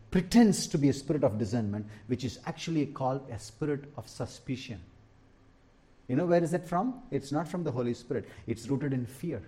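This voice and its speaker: A man's voice: mid-range voice, mellow. A middle-aged man, preaching a sermon as pastor, stressing and repeating key lines and asking the congregation for an "Amen?".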